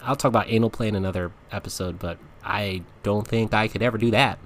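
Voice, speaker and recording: A man hosting a podcast, telling a frank comic story in a casual, animated way and laughing often. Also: fairly low pitch, quick pace. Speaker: podcast host.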